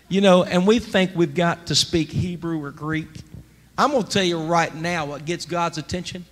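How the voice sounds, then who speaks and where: A man preaching a sermon as pastor, emphatic and rising to near-shouts. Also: on the high side, moderate pace. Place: church sanctuary. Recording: church sanctuary with long reverb, faint noise.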